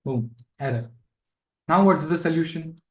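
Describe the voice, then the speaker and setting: Slow-talking man teaching code. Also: a little high, rough recording. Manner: casual, thinks aloud with fillers and asides. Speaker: programming instructor. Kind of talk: live coding lesson.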